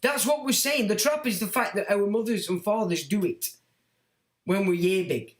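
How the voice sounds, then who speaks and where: Middle-aged man hosting a livestream, blunt and mocking, high-pitched, roomy echo. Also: moderate pace. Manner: blunt, animated, mocks whiners in put-on voices. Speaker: livestream host reading chat comments. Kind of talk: casual livestream monologue.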